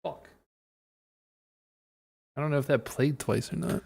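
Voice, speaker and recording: A man on a live stream whose voice carries a gravelly edge. He talks casually, half to himself, muttering and cursing as he fiddles with settings, and his pitch sits right in the ordinary middle. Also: measured pace, darkish tone.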